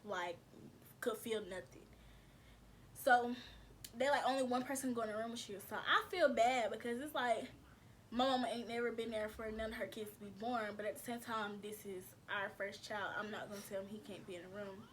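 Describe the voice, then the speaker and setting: A woman's voice: mid-range voice, steady tone, moderate pace, fairly bright tone, slight background noise. A woman vlogger casually telling her viewers a personal story, chatty and slangy, calling them y'all.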